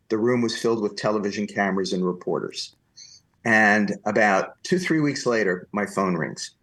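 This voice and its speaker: A man from New Jersey, a podcast guest, telling long stories in an animated way and acting out the people he quotes. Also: lowish voice. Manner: animated anecdotal storytelling, acts out quoted voices. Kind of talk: storytelling interview.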